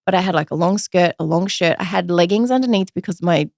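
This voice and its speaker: A woman in her thirties telling a personal story in a casual interview, chatty and animated, acting out the voices of the people she quotes. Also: lowish voice, quick pace, vocal fry, no echo, clean studio sound. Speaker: podcast guest, usual host.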